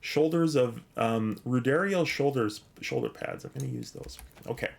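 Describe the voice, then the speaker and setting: Streaming a game, a man chats casually in an expressive mid-range voice with vocal fry at normal speed. He rambles with many fillers and restarts, sounding a little out of breath as he thanks viewers and reads chat.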